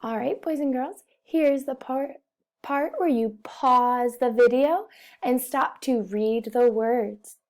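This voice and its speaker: In a slow, high-pitched voice with a darkish tone, a first-grade teacher walks young children through phonics. She carefully sounds out every word, over-enunciating and repeating it for them.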